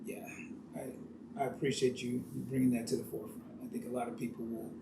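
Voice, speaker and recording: A man interviewing an actor in a relaxed, casual way, asking loose, rambling questions and affirming his answers. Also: mid-range voice, quick pace. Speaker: interviewer, author. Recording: roomy echo with faint hiss.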